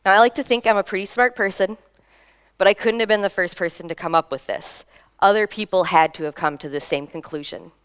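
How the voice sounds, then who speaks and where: A young woman from Minnesota giving a lively conference talk, laughing between points and drawing in the audience. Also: medium pitch, fairly quick, clean tone. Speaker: conference speaker. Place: conference hall.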